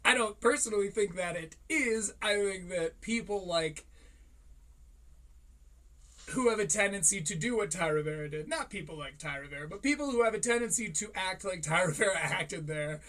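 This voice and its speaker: Man, high voice, bright tone, casual sarcastic commentary, swears a lot, laughs often. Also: animated, normal speed. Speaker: host of a live-streamed comedy commentary show.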